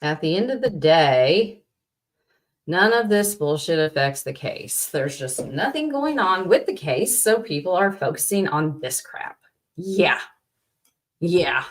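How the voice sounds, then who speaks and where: A woman's voice: on the low side, lively intonation, takes it slowly. A young adult woman hosting a casual livestream, rambling and exasperated, with many restarts and fillers, greeting viewers from the chat. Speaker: livestream host.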